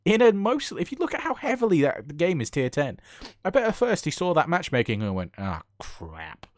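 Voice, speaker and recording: A man's voice: a little high, huge pitch swings, a little fast, dry recording, studio quality. A British man giving enthusiastic, chatty commentary over a gameplay replay as a gaming YouTuber.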